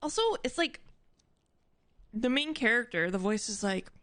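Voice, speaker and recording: A woman live-streaming casual chat to her audience, animated and admittedly dramatic. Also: fairly high pitch, moderate pace, dry recording. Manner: animated and self-described dramatic.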